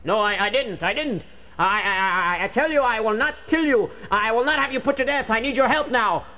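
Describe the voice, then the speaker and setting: A man's voice: extremely high pitch, brisk, sharp tone, heavily acted, poor audio. A man voicing a nervous, stammering king who defends himself.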